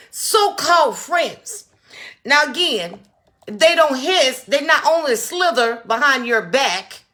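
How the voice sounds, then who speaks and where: A woman's voice: on the high side, sharp tone. A woman hosting a casual livestream, talking straight to her viewers, greeting them by name and repeating key phrases for emphasis. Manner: addresses viewers directly, greets chatters by name. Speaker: livestream host. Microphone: phone or small setup on a stand.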